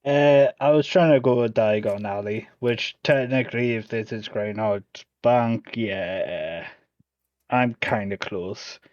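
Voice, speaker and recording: A man's voice: on the low side, slow, darkish tone, no room sound. A man playing a character in a tabletop game, speaking sheepishly and hesitantly. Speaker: player. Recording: dull, dry lo-fi mic.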